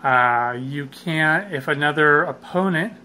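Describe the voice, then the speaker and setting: Man, bright tone, casual board game rules walkthrough, some um and uh, faint background hum. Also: fairly high pitch, slow. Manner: relaxed, with fillers and self-corrections.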